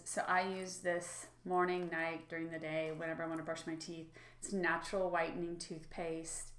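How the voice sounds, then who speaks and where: Middle-aged woman vlogger, low-ish voice, gushing and casual with lots of fillers, roomy echo. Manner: chatty and enthusiastic, with frequent fillers. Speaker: lifestyle vlogger. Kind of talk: casual product demonstration.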